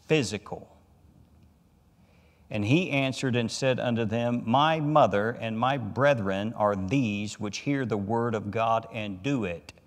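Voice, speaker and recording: A male pastor preaches in a slow, measured way, with pauses between phrases. He reads scripture deliberately and presses his key points with emphatic rises. His voice carries a long reverb from the church hall he speaks in. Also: fairly low pitch. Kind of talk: Bible study sermon. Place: church sanctuary.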